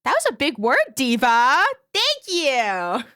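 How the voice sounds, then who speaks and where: A young woman chats on a livestream, her voice sitting a little high. She exclaims, swears and mock-rants playfully at her chat. The sound is close and dry, with no room in it. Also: huge pitch swings, takes it slowly, bright, forceful tone, clear, resonant tone, no echo. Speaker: streamer. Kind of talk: casual livestream chat, reacting to chat.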